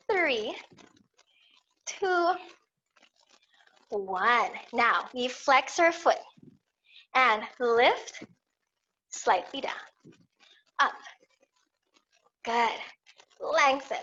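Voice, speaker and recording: High, bright-voiced woman leading barre class. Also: dull audio. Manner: calm, encouraging step-by-step cueing with counts. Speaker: barre fitness instructor. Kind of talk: guided exercise class cues.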